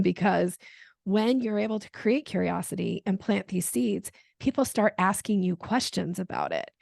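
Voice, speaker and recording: A woman with a gravelly, fry-tinged voice talks through her sales ideas as an interview guest. She's animated and slips into quick acted-out lines of dialogue. The recording is close and dry, with no room sound. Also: mid-range voice, no echo. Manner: animated, acts out quoted dialogue with frequent laughs. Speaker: sales coach and podcast guest. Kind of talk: conversational interview.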